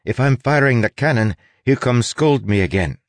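A man voicing a spirited young woman who speaks in a brisk, matter-of-fact way. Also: medium pitch, lively intonation, no echo, studio quality, pitched above the performer's own voice, close to an everyday voice. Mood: eager.

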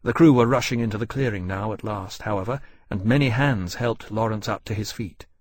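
Husky male audiobook narrator. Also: on the low side, fairly quick, a little mellow, dry recording. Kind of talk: scripted narration.

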